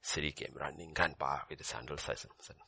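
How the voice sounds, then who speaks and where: An older man preaching a sermon as pastor, swinging between loud emphasis and soft near-whispers and repeating key phrases. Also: extremely low pitch, steady tone, a little fast, creaky, slightly rough, no room sound.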